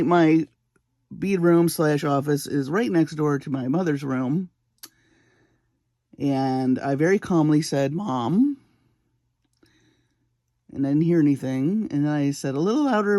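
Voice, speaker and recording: A woman's voice: low voice, dark tone, no echo, clean studio sound. A woman hosting a jewelry-making vlog from her home bead room at three in the morning. She tells a chatty, self-deprecating story and often breaks into laughter. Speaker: jewelry-making channel host.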